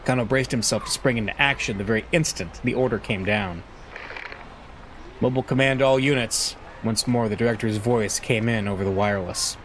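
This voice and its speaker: A man's voice: fairly low pitch, a little fast, few pauses, a little hiss or hum. Man reading a visual novel aloud. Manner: expressive reader, casual asides. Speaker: let's play host reading a visual novel. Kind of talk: reading game text aloud with commentary. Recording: voice over game music.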